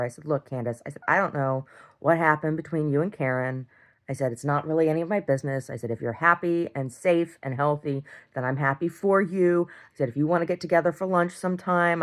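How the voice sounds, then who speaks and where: A middle-aged woman telling a story in a casual video diary, rambling, restarting and repeating words, and swearing when heated. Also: sits low. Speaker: video diarist.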